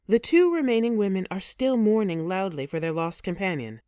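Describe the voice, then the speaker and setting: A woman narrating an audiobook in the first person with expressive, emotive storytelling. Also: on the low side, normal speed, hardly any pauses, no echo, clean studio sound.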